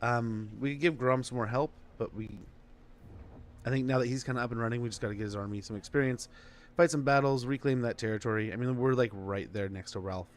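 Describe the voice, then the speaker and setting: A man chats casually while he streams a strategy game, rambling through stories with plenty of fillers. His voice sits at a middle pitch, with faint noise in the background. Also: a little fast. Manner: rambling storyteller with many fillers. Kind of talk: casual gameplay commentary.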